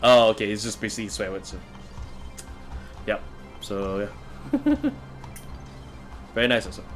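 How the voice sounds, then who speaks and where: A man's voice: on the low side, wildly swooping pitch, a little slow, faint music behind. A man hosting a casual live stream, answering viewer comments in a chatty way and chuckling often. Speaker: livestream host reading chat.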